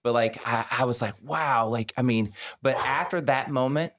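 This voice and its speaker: A man's voice: medium pitch, normal speed, fairly bright tone. A man in a casual podcast conversation, reflective and thinking aloud as he talks. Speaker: podcast co-host or guest.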